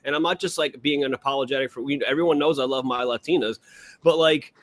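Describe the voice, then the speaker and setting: A young man in loose livestream banter who jokes crudely and rambles from point to point. His pitch sits in an ordinary middle range. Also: steady tone, fast talker, a bit bright. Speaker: co-host.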